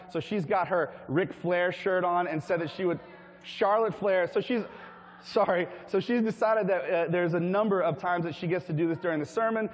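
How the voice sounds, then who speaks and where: A man from Tennessee preaching a humorous storytelling sermon, chatty and animated, asking his congregation questions. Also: sits high, big-room sound. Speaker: pastor. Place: church hall with a congregation.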